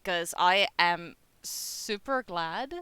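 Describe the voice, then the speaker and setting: A woman's voice: on the low side, expressive, very slow, bright, forceful tone, clean tone, no echo. A young woman with a Dutch accent, chatting casually with her live-stream viewers and laughing often. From Netherlands. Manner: chatty, giggly, reads chat aloud.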